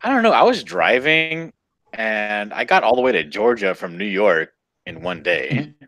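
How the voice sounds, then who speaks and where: A man's voice: mid-range voice, big pitch swings, normal speed, creaky, a bit bright, no room sound. A man co-hosting a casual chat, talking in a rambling way with lots of fillers and restarts. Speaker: co-host. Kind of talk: casual chat during a live drawing stream.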